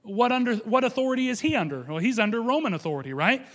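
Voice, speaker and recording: Man, high voice, preaching a sermon, long hall reverb. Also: expressive, fast talker, a bit bright. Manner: quotes scripture aloud and acts out the speakers in it.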